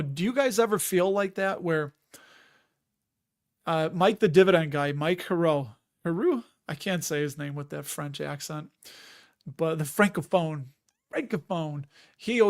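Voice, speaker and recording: A man hosting a live stream, chatting in a casual, rambling way, a little tired, and reading viewer comments aloud. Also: a little high.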